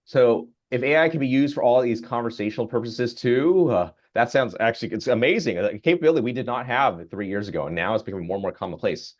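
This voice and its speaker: A man, a physician, giving a grand rounds lecture in a conversational, animated storytelling way. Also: medium pitch, fast talker, few pauses, muffled recording.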